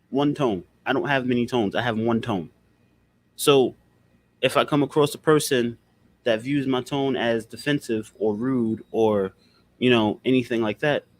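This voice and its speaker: Man, casual chat, blunt and profane, repeats himself for emphasis, dry close sound, mid pitch. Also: no echo.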